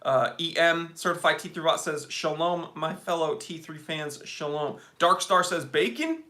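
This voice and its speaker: A man's voice: fairly high pitch, animated, normal speed, bright, forceful tone. A man hosting a casual live stream, chatting upbeat and reading out viewer comments with lots of fillers.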